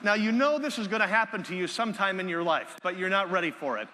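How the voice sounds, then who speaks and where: Energetic man giving a keynote in a hall. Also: high voice, fast. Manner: energetic storyteller, loud bursts when quoting people. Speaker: keynote speaker. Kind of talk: live keynote speech. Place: large conference hall.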